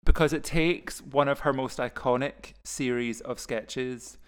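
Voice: medium pitch, a little slow, clean tone. A podcast co-host in casual chat, enthusiastic and fond of quoting comedy lines.

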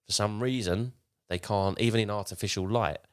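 A man's voice: fairly low pitch, normal speed. A man hosting a casual podcast, retelling a story with acted quotes. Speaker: podcast host.

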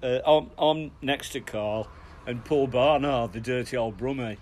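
A middle-aged man, co-hosting a podcast and telling lively, chuckling anecdotes with plenty of restarts. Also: medium pitch, a little slow. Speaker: podcast co-host. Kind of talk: casual storytelling.

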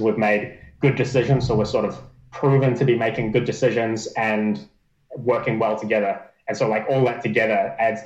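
A man's voice: mid-range voice, reverberant, muffled recording. A man who coaches, talking casually on a podcast, often repeating and restarting his phrases. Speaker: powerlifting coach.

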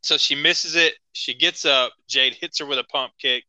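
A man's voice: medium pitch, fairly even intonation, normal speed, bright, forceful tone, clear, resonant tone, no echo, rough recording. A man co-hosting a wrestling podcast, chatting casually, laughing often and recapping matches move by move. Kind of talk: casual chat.

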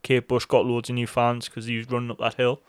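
A man co-hosting a podcast in casual chat, animated, swearing freely and acting out excited reactions. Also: mid-range voice, quick pace, smooth. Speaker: podcast co-host.

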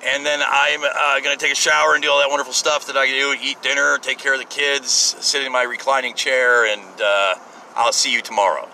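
A man's voice: mid-range voice, level tone, brisk, bright, forceful tone. A man in his thirties hosting a podcast from his car, ranting in a profane, rambling way that keeps interrupting itself. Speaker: podcast host. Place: inside a moving car. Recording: distant car mic with road noise. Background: faint road and traffic noise.

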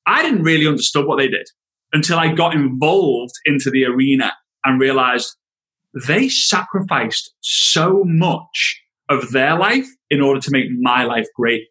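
A man's voice: mid-range voice, expressive, unhurried, sharp tone, low-quality recording. A man as a podcast guest, speaking in an earnest, heartfelt, emphatic way. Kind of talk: casual interview chat.

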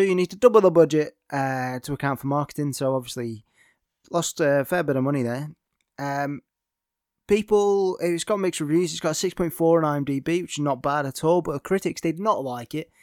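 A man with a slightly higher-than-usual voice talks through a film review in a loose, casual way. He hesitates often, fills gaps with ums and corrects himself mid-sentence. The sound is dry and close, with almost no room echo. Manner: rambling, hesitant, many ums and self-corrections.

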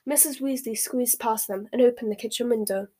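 A woman narrating a storybook aloud, measured and expressive. Her voice sits on the higher side. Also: husky. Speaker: audiobook reader.

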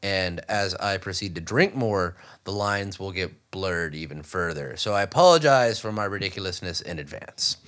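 A man's voice: deep voice, lively intonation, normal speed, few pauses, fairly bright tone. A young adult man co-hosting a casual podcast, rambling and self-deprecating as he walks through his research. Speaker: podcast co-host presenting research.

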